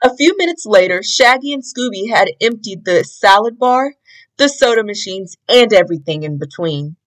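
A woman reading a children's picture book aloud in an expressive, deliberate way. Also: mid-range voice, low-quality recording. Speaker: storybook reader.

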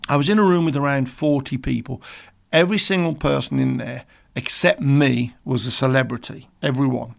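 A man's voice: mid-range voice, normal speed, gravelly. A middle-aged man from Birmingham with a Birmingham accent, a radio presenter rambling through jokey stories between songs. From England. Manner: chatty, jokey, rambling storyteller. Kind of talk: casual radio chat.

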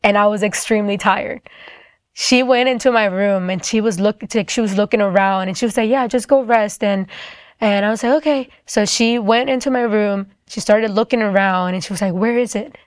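A woman's voice: mid-range voice, fairly even intonation, brisk, clean tone, dry recording, studio quality. Young woman telling a story, lots of "like". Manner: acts out quoted voices, filler-heavy with "like". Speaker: storyteller giving a testimony. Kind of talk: casual spoken testimony.

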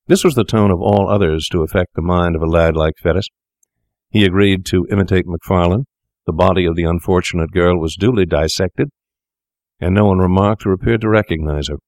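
Deep male narrator, measured storytelling, dry close sound. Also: darkish tone, no room sound. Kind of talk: scripted audiobook narration.

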